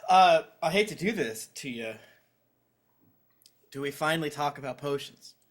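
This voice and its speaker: A man's voice: fairly high pitch, lively intonation, moderate pace. A man playing a tabletop game, chatting loosely and jokingly with friends and laughing often. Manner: laughing, rambling, jokey. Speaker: player. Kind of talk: casual tabletop game chat.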